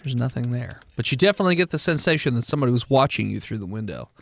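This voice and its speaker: A man narrating a tabletop game as game master, lively, often laughing and slipping into voices. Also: medium pitch, racing, gravelly.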